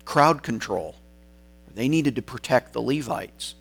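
A man's voice: mid-range voice, animated, a bit bright, slightly rough. Male preacher, emphatic explanatory sermon delivery, faint mains hum. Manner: explanatory, emphatic, slows on key words.

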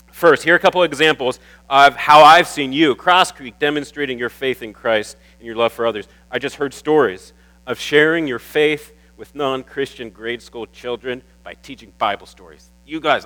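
A man preaches to his congregation in a bright, forceful voice of middling pitch. He talks warmly and gets emotional, often stumbling over and repeating his words. A faint mains hum sits under the recording. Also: normal speed, poor audio. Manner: warm, emotional, getting teary at times. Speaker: pastor. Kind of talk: sermon. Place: church.

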